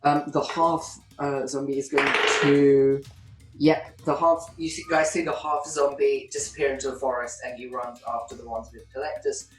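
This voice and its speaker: A man's voice: medium pitch, little pitch movement, normal speed, echoey room, far from the mic, faint music behind, poor audio. A man narrating a tabletop game as game master on a video call, hesitant, with many ums.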